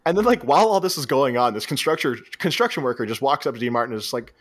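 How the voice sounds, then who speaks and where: A podcast co-host speaks very fast in a mid-range voice, animatedly recapping a film scene by scene. He acts out the characters' lines as he goes, keeping the chat casual.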